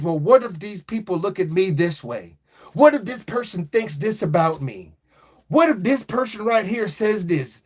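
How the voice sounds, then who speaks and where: A high-voiced man talking straight to his livestream viewers in a loose, preachy flow. He circles back on his points and keeps checking that they follow him. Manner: repetitive, preachy, keeps asking "right?". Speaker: livestream motivational host. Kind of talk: casual motivational livestream talk.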